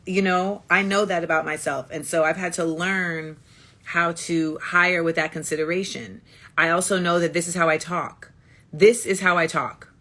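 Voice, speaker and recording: Woman, livestream host, casual monologue, blunt, emphatic, repetitive, lower pitch. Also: pushed and bright. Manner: blunt and emphatic, repeats points. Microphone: phone.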